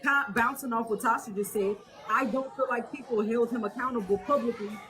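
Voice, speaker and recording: A woman's voice: a little high, fairly quick, music in the background. A woman hosting a live stream, explaining her opinion in a rambling, conversational way with many restarts. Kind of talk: casual commentary on a live stream.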